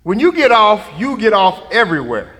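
A man's voice: high-pitched, huge pitch swings, normal speed, sharp tone, big-room sound. A man preaching a sermon, laughing and making asides to the congregation. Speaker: pastor.

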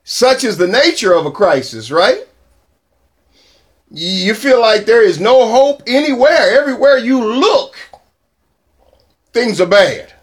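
A man's voice: extremely high pitch, lively intonation, takes it slowly, long pauses. A man preaching a sermon in a dramatic, conversational way, mixing in casual slang.

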